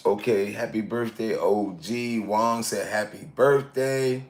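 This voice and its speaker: A man's voice: medium pitch, fairly even intonation, unhurried, few pauses. A man in his sixties casually chatting on a live stream, reading viewer comments aloud and laughing often. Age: 60s. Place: outdoors in hot weather in Thailand.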